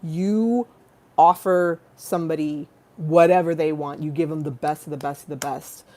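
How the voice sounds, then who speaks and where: Woman, livestream host; low voice, giggly, rambling, profane. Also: normal speed, mellow. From Los Angeles-based. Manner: rambling, giggly, profane, breaks into sung bits. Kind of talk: casual livestream chat. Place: home in a hot room with a fan.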